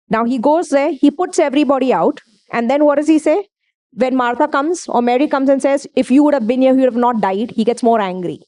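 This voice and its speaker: A woman's voice: high-pitched, quick pace, mellow. A woman preaching a sermon, emphatic, asking her listeners questions and answering them herself.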